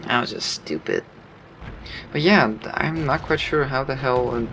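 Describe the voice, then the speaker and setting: A man giving casual commentary over his own gameplay, relaxed, laughing often and explaining his moves. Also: medium pitch, normal speed, creaky, background noise.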